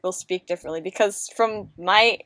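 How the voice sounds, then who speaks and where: A woman's voice: medium pitch, normal speed, fairly bright tone, no echo. Woman, East Coast accent, podcast guest, giggly, dry close sound. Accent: American East Coast. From United States East Coast. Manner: giggly, easygoing. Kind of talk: casual chat.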